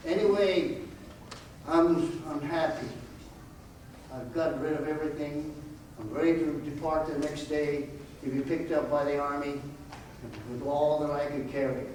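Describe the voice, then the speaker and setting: A man's voice: on the high side, flat delivery, a little slow, long pauses, a little mellow. A man in his eighties giving an earnest storytelling talk to a college audience, pressing his point with repeated rhetorical questions. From United States. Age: 80s. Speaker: guest speaker. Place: college auditorium. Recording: echoey hall from far off, faint noise.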